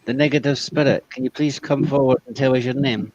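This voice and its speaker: A man's voice: mid-range voice, fairly quick, no room sound, highs cut off. Man coaxing spirits on a ghost box. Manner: coaxing, questioning the spirits calmly. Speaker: paranormal investigator streamer.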